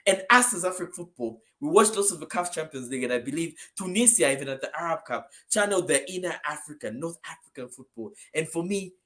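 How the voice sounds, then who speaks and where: Lively man talking football. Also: on the high side, fast, few pauses. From Zambia. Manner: energetic, emphatic, jumps between loud and soft. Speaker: co-host. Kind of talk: casual football prediction chat.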